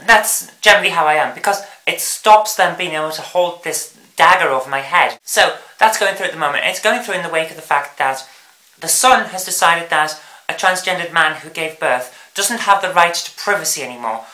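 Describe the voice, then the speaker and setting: A woman's voice: fairly low pitch, moderate pace, sharp tone, echoey room, rough recording. A woman hosting a vlog, ranting about the news in an angry, sarcastic, sweary way. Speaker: vlog host.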